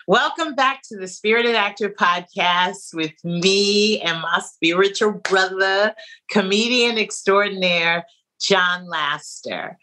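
A woman's voice: mid-range voice, slow pace, sharp tone, low-quality recording. A woman hosting a podcast about actors, chatting casually and joking as she runs the segment. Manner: breezy, joking, directs the segment. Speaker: podcast host. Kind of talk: casual chat.

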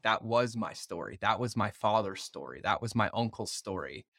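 A man hosting a podcast, telling stories in an animated way and swearing freely in casual conversation. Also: fairly low pitch, moderate pace, no echo, clean studio sound. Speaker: podcast host.

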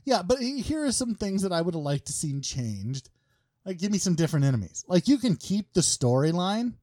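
A man's voice: high voice, sing-song, a little fast, warm tone, no echo, clean studio sound. A man hosting a casual podcast, rambling and joking with many fillers and restarts. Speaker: podcast host.

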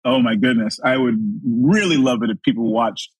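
A man's voice: medium pitch, normal speed, slightly rough. A man, a guest on a podcast, chatting in an easygoing way and laughing along. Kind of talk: casual interview chat.

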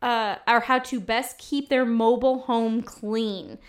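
A woman co-hosting a casual podcast, chatty and quick to laugh, often trailing off mid-sentence. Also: on the high side, steady tone, crowd noise. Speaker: podcast co-host. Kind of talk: casual chat.

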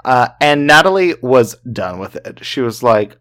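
A man co-hosts a podcast and tells a true-crime case in a relaxed, conversational way. He talks at a middling pitch and peppers the story with fillers and casual swearing. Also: a little slow, hardly any pauses. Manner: chatty, profane, full of fillers. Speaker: podcast co-host.

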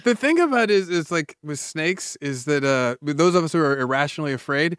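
Man, podcast co-host, animated rambling storyteller, slightly high voice, dry sound. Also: brisk, clear, resonant tone, no echo. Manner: animated, rambling anecdotes with restarts. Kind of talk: casual storytelling chat.

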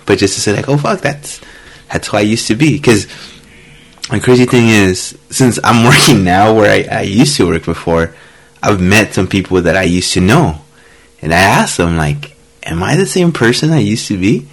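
Podcast guest, young man, fairly low voice, rambling and unsure. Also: moderate pace. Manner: loose, hesitant, lots of fillers. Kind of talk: casual chat.

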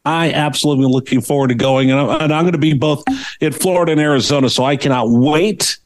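A man's voice: fairly high pitch, fast. A man interviewing the podcast host in casual chat, eager and curious. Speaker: guest interviewer.

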